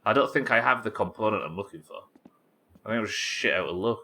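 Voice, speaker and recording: Streamer, male, Yorkshire accent; lowish, forceful voice, rambling and sweary as he plays. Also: quick pace. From England. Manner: rambling, sweary, thinking aloud. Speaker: game streamer. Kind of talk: casual live-stream chat while gaming.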